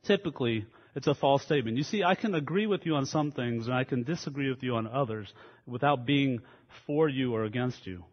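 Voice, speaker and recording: A man's voice: mid-range voice, fairly quick. An earnest male preacher, praying and then teaching in a plain, conversational manner. His voice carries a long reverb from a large hall. The sound is dull and lo-fi. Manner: earnest, explains words conversationally. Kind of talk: sermon with opening prayer. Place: church sanctuary.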